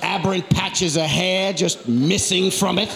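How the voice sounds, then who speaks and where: A man performing a loud, animated stand-up comedy set on a theater stage, acting out voices. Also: high-pitched, unhurried, vocal fry, heavy background noise. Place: large theater stage with audience. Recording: live hall recording with loud crowd.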